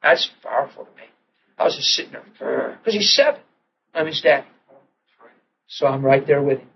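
A man preaching a sermon, telling a personal story with animated restarts and soft, hushed quoted prayers. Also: mid-range voice, moderate pace, vocal fry, dull audio, a little hiss or hum.

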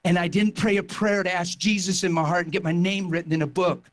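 A man preaching a sermon, telling a personal testimony with impassioned storytelling that rises toward shouting. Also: sits high, fairly even intonation, fairly quick. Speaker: pastor.

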